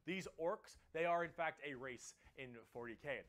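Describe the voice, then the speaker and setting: Excitable, cursing wargame explainer guy. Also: on the high side, moderate pace. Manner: animated and profane, repeats words for emphasis.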